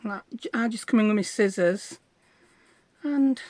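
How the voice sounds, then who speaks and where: A woman's voice: medium pitch, unhurried, background noise. A middle-aged woman, chatting through a crafting tutorial in a bubbly, self-deprecating way. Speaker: craft vlogger.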